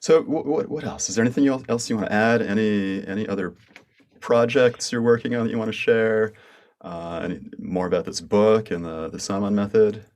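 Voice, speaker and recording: An American man with a very deep voice hosts a relaxed interview. He chats eagerly and often stumbles and restarts his phrases as he shares his own ideas. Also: brisk. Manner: enthusiastic, stammering restarts. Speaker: podcast host. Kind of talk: casual interview conversation.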